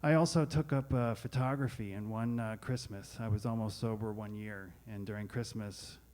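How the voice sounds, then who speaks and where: A man's voice: fairly low pitch, steady tone, normal speed, a little mellow. A man telling a candid, wry personal story on stage at a live storytelling event, speaking into a stage microphone. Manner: candid, wry, self-deprecating.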